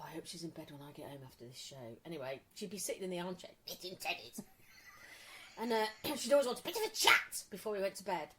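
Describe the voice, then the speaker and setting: A woman telling a story in casual chat, animated and laughing often as she acts out what people said. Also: mid-range voice. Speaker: podcast co-host.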